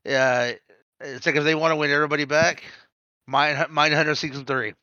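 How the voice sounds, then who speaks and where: Bright, jokey man on a lo-fi mic. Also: on the high side, steady tone, smooth, no echo. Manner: jokey, laughing, quick asides. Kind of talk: casual chat.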